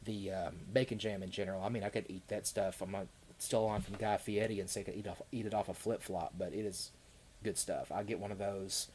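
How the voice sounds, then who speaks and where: A man's voice: on the low side, steady tone, a little fast, a little mellow, slight background noise. A man with a Kentucky accent chatting casually with viewers on a live stream, rambling with frequent laughs and fillers.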